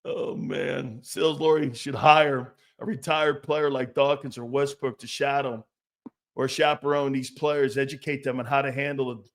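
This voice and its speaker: A man's voice: medium pitch, fairly even intonation, moderate pace. A middle-aged man hosting an opinionated sports talk show, blunt and profane, now and then mocking others in put-on voices.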